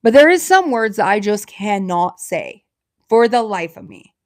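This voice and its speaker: A woman with a Southern Alabama accent, chatting casually with viewers on a livestream. She talks quickly, running her words and sounds together. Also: mid-range voice, very animated, no room sound. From Alabama, USA. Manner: chatty and self-deprecating. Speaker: livestream host. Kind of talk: casual live-stream chat with viewers.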